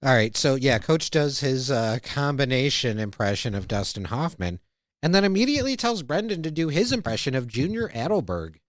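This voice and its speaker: A man's voice: medium pitch, sing-song, a little fast, no echo. A man hosting a podcast, casually recapping a cartoon episode and acting out the lines. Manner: retells scenes, acting out quoted lines. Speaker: podcast host. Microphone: studio mic.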